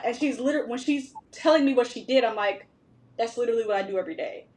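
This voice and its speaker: A woman host in a casual podcast conversation, telling family stories with lively retellings of what her relatives said. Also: a little high, fast talker. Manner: animated storytelling, acting out family members' lines.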